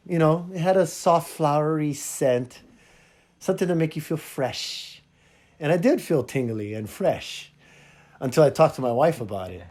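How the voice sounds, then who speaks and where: A man hosting a podcast, telling a funny story in a casual, animated way and acting out both sides of a conversation. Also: on the high side. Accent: Hawaiian. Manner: animated, jumps between loud and quiet, acts out dialogue. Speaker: podcast host.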